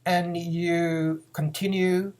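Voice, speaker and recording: A man's voice: on the high side, little pitch movement, drawn-out words, a little mellow. A man, teaching phrases in a casual lesson, repeating words and acting out example lines. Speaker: Japanese teacher.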